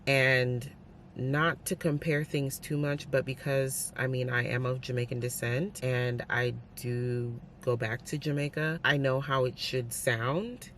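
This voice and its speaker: A woman's voice: rumbling low, fairly even intonation, unhurried, a bit bright, slight background noise. A young adult woman chatting casually in a reading vlog, giving candid, opinionated reactions to books. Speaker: book vlogger.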